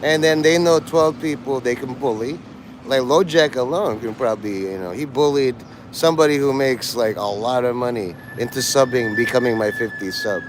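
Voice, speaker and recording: A man's voice: medium pitch, animated, normal speed, noisy background. A man livestreaming outdoors in a city, rambling and joking and laughing at his own jokes. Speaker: live streamer. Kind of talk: casual rambling livestream chat.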